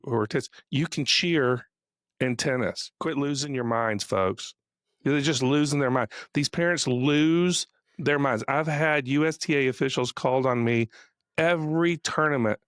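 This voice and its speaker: A man co-hosting a podcast, telling a story in a casual, animated way, acting out quotes and laughing often. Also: medium pitch, no room sound, studio quality. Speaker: podcast co-host.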